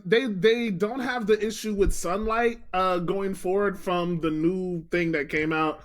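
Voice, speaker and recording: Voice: mid-range voice, fairly even intonation, unhurried. A player casually thinking aloud while planning a game character.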